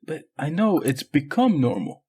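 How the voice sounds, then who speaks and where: Relaxed young man chatting casually. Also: fairly high pitch, moderate pace, husky. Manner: relaxed, agreeable, swears casually. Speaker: podcast co-host. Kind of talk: casual chat.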